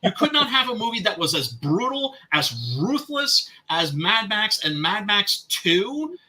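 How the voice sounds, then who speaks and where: A man's voice: high-pitched, sing-song, a little slow, sharp tone. A man in a casual podcast chat, emphatic, repeating himself and swearing freely. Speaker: podcast host.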